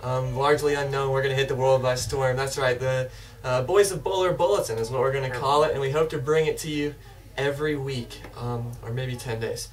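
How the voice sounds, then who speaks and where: A man's voice: medium pitch, fairly even intonation, brisk, distant mic, faint music behind, rough recording. A man hosting and introducing a web show in an enthusiastic, loose way. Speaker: host. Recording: voice from afar.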